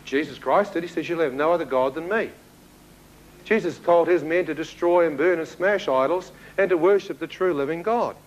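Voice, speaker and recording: A man with a New Zealand accent preaches his own testimony in a lively, storytelling way, slipping into the voices of the people he met. His voice sits slightly on the high side. A faint hiss runs under the recording. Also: normal speed, dull audio. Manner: animated storyteller who acts out dialogue, with laughs. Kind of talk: testimony sermon to a congregation.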